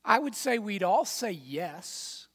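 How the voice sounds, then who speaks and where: A man preaching a sermon as pastor, folksy and direct, dropping to quiet asides and then rising to loud fired-up exhortation. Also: high voice, big pitch swings, slow pace, husky, in a large hall. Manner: folksy, addresses congregation as y'all and man.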